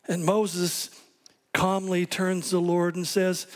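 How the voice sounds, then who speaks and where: A man's voice: high voice, steady tone, measured pace. A man preaching a sermon, telling stories and acting out quoted voices with animation. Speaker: pastor.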